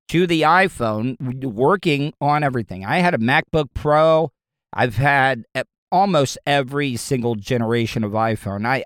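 A man's voice: mid-range voice, smooth, no echo, clean studio sound. A middle-aged man from Florida, a radio host, ranting casually and profanely, often stumbling and repeating words. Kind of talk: casual solo rant.

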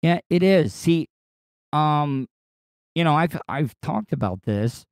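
A man hosting his own podcast in a casual solo monologue, with a distinctive voice that is not deep, talking in a rambling, crude, candid way with frequent restarts. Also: expressive, takes it slowly, a little mellow, no room sound, clean studio sound. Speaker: podcast host and radio personality.

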